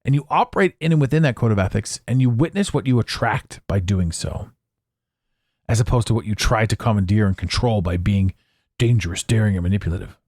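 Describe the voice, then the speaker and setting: A man hosts his own podcast in a blunt, profane, freewheeling monologue. His pitch swings widely as he talks. The sound is close and dry, with no room around it. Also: expressive, a little fast, a little mellow, no room sound. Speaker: podcast host. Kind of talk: casual monologue.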